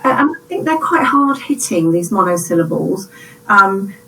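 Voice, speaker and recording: A woman's voice: mid-range voice, sing-song, normal speed, pushed and bright, far from the mic, faint music behind, poor audio. A woman talking through a poem in a thoughtful, reflective way, often ending with tag questions. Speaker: teacher. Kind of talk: poetry analysis discussion.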